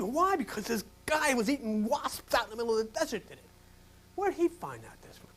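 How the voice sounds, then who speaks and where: Animated older preacher, dramatic whispers. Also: male voice, very high voice, a little fast. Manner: dramatic, swings from loud exclamations to hushed whispers. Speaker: pastor. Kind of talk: sermon.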